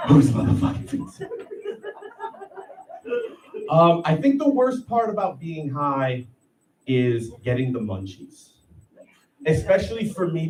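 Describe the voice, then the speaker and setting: A man in his thirties doing a profane, animated stand-up set on a comedy club stage. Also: medium pitch. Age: 30s. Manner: profane, animated, acts out voices. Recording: echoey room, heard from a distance. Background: audience laughter and room noise.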